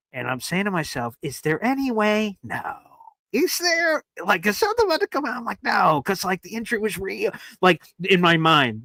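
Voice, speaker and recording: A man's voice: on the high side, dry recording. A male sports show host in casual chat, telling stories animatedly and acting out the quotes. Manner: animated storyteller who acts out quotes.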